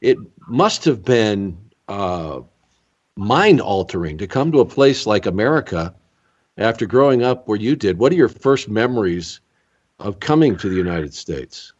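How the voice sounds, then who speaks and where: A man's voice: fairly low pitch, very animated, measured pace, darkish tone. A man hosting an interview, attentive and giving frequent short affirmations. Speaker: podcast host. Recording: dull lo-fi audio.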